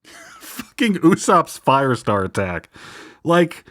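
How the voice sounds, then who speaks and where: A man co-hosting a casual podcast, jokey and expressive, swearing freely. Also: a little high, takes it slowly. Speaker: podcast co-host.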